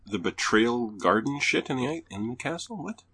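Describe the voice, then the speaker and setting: A man's voice: medium pitch, moderate pace, husky. A man in a casual group chat, argumentative and swearing freely. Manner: argumentative, swears often, lively.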